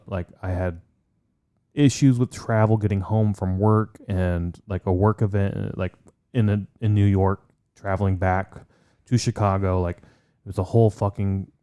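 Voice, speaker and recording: A man's voice: sits low, steady tone, measured pace, mellow, clean tone. A man co-hosting a podcast in casual chat, enthusiastic and swearing freely. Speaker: podcast co-host.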